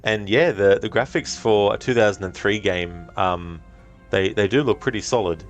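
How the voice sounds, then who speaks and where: Deep-voiced man streaming a game. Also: moderate pace, soft background music. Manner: relaxed, reads chat aloud, many ums. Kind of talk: casual let's-play commentary.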